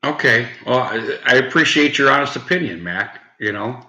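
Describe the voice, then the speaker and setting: A man's voice: medium pitch, animated, moderate pace, bright, forceful tone. A man live-streaming in a casual chat with his viewers, joking and laughing often. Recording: roomy, dull lo-fi sound.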